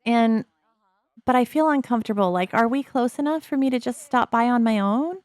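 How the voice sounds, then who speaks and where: A woman's voice: on the high side, brisk, darkish tone, dry recording, clean studio sound, pitched above the performer's own voice, close to an everyday voice. A woman voicing an awkward, shy young woman in a life-simulation game, stammering and apologetic.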